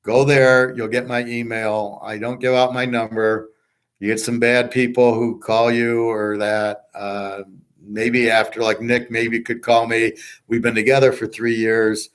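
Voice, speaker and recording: A man's voice: medium pitch, level tone, unhurried. A man hosting a live sports betting stream, telling a rambling, boastful story in a blunt, combative way and swearing often. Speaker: sports betting show host.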